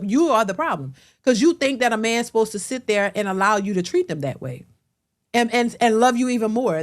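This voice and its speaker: Blunt high-voiced woman ranting. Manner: blunt, emphatic, profane, addresses viewers directly. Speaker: reaction video host. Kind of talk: ranting reaction commentary.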